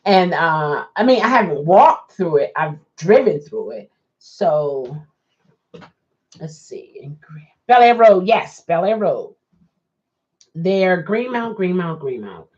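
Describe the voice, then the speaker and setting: Slow-talking woman chatting. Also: on the low side, sing-song, a little mellow. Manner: rambling, restarts and trails off. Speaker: rideshare driver vlogger. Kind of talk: casual live chat, answering viewers. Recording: dull lo-fi sound.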